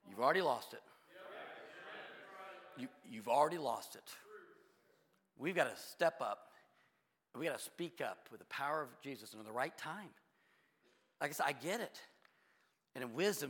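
A middle-aged man preaching a sermon as pastor, shifting between quiet confiding talk and loud, urgent preaching. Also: mid-range voice, very animated, normal speed, pauses often, slightly rough, in a large hall.

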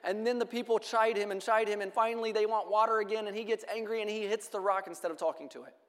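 A preacher with a high voice gives a sermon at a measured pace, reading scripture aloud with fairly even intonation. A long echo from the church hall follows his words.

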